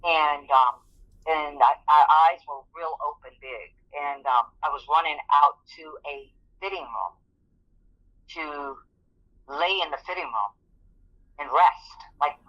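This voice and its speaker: A woman's voice: low-pitched, normal speed. A woman recounts her own story as a guest in an interview. She speaks earnestly and brings the moments to life by acting out what people said. The recording is somewhat dull and lo-fi. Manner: earnest, vivid storytelling that acts out quoted speech. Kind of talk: personal testimony in an interview.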